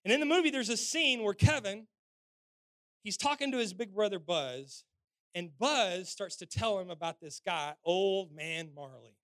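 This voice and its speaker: A man in his forties, a pastor telling a personal story in a sermon, animated and swinging between loud and soft. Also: sits high, normal speed, no room sound.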